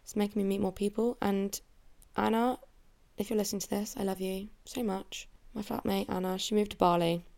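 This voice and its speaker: A woman's voice: medium pitch, steady tone, fairly quick, gravelly, darkish tone. A young woman from England hosting a solo podcast, talking openly and emotionally about her life in a chatty way, her voice cracking near tears at times. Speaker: podcast host. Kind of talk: solo confessional podcast chat. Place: at home under a blanket.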